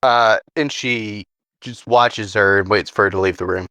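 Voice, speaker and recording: A man's voice: lowish voice, moderate pace, sharp tone, no echo. A man playing in a tabletop game who stammers now and then. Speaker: player. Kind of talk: casual tabletop role-play.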